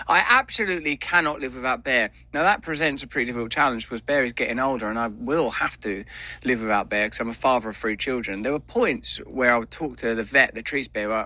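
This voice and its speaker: A man's voice: medium pitch, bright, forceful tone, no echo. A middle-aged man, musing in a rambling, philosophical monologue. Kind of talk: reflective monologue.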